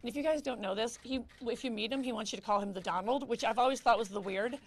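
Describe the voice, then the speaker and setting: A woman's voice: a little high, fast talker, slight background noise. A woman in her fifties, a comedian giving a press conference statement, joking and mocking herself with a nervous edge. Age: 50s.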